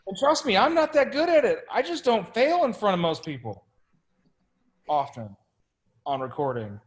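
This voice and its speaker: Male sales coach, high voice, lively and pushy with the room. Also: moderate pace. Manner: animated, coaxing, calls out to the room. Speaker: sales trainer. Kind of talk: energetic group coaching session.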